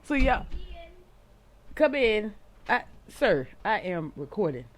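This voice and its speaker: A woman hosts a casual reaction vlog and speaks directly to her audience in a giggly, easygoing, slang-filled way. Her voice sits at an ordinary pitch but moves up and down freely, so her delivery sounds bouncy and animated. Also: slow pace. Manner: giggly, playful, slangy and chatty. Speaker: vlog host.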